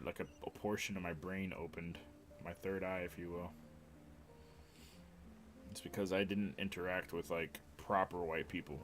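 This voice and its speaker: A man live streaming, telling rambling, profane stories in casual chat. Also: sits low.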